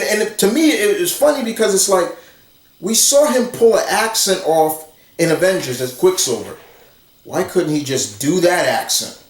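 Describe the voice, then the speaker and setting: A man ranting bluntly and profanely in an exasperated movie commentary vlog. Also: high-pitched. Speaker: commentary vlogger. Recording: roomy echo, far from the mic.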